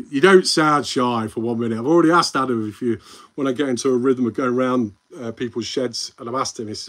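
A man's voice: mid-range voice, fast, a bit bright. A man with a Midlands English accent hosting a casual live stream, rambling and answering viewers' comments, calling them mate. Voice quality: friendly banter with viewers, calls them mate.

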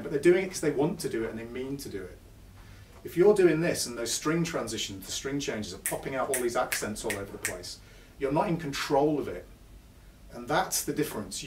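A guitar clinician gives a chatty, self-deprecating live guitar lesson to an audience in a music store, with guitar playing between his phrases. His voice is medium in pitch with a darkish tone, recorded from far off in an echoey shop.

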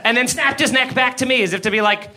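A man doing an animated stand-up comedy set, swearing freely, laughing and shouting his punchlines. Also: very high-pitched, quick pace. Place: comedy club stage before a live audience. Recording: live club room with audience laughter.

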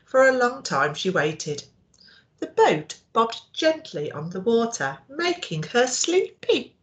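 A woman teacher reading a storybook aloud to young children, expressive and asking them questions. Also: on the high side, slow pace.

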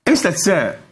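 A man with a Ghanaian accent giving heated political commentary, indignant and emphatic, repeating himself for stress. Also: a little high. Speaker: host.

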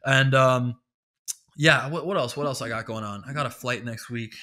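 A man's voice: mid-range voice, normal speed, bright, forceful tone. A man hosting a podcast who delivers a rambling, exasperated comic rant full of profanity. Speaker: podcast host. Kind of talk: comedic solo rant.

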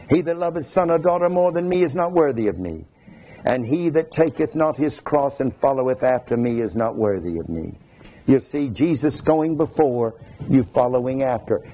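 Warm, husky preaching man. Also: mid-range voice, low-quality recording. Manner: preaching with scripture readings and folksy asides. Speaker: pastor. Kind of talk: sermon.

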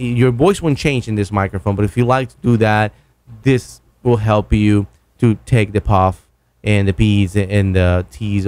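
A man's voice: fairly low pitch, darkish tone. Man in a home studio, loose and enthusiastic, talks gear, trips over his words, close on a broadcast mic. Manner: rambling, self-correcting, enthusiastic. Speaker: podcaster reviewing microphones. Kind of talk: casual gear review. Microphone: broadcast dynamic mic, close.

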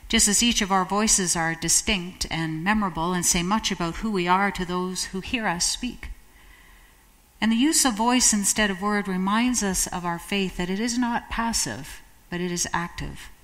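A woman giving a sermon in a measured, reflective manner, slowing down for emphasis. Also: medium pitch, fairly bright tone. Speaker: preacher. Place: church. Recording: long church reverb.

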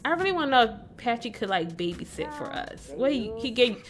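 A woman's voice: fairly high pitch, big pitch swings, a little fast, noisy background. A woman hosting a casual let's-play, chatting playfully and talking to the characters on screen. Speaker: gaming video host.

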